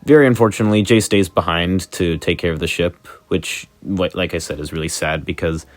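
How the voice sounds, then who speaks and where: Deep-voiced young man recapping casually. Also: fairly quick, no room sound. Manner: chatty, wry asides. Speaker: show reviewer.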